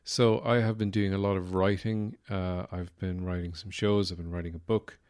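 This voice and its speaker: A man's voice: sits low, level tone, normal speed, a little mellow, clean tone. An Irish man hosting a podcast, rambling through a wry comic monologue with lots of fillers. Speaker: podcast host. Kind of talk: casual comedic monologue.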